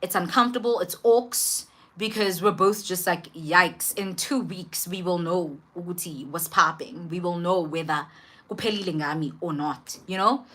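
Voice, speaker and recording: Bright-voiced South African woman vlogger. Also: on the low side, moderate pace. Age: young adult. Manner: expressive, emphatic storytelling with repeated phrases. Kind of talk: emotional personal storytime.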